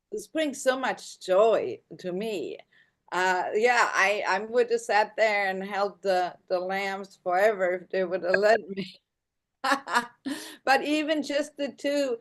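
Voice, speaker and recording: Chatty woman on a video call. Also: mid-range voice. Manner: chatty, hesitant fillers, gentle. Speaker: guest. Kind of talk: casual video call chat.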